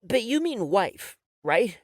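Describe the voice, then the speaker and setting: A man voicing a small excited boy who is playing pirates, in an audiobook. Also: slow pace, no room sound, clean studio sound, full character voice. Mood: puzzled. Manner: high, shrieky and eager.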